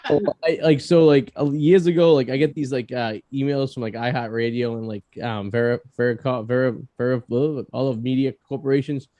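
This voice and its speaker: A man's voice: mid-range voice, steady tone, brisk, hardly any pauses, mellow, dry recording, muffled recording. A man with a Boston accent hosting a casual podcast interview, cracking self-mocking jokes. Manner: joking, self-mocking banter. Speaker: podcast host.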